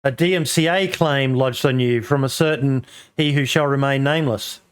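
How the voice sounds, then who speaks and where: Aussie male host, mid pitch, easygoing and chummy with guests. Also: moderate pace, clean tone, no echo. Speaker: podcast host. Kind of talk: casual podcast chat.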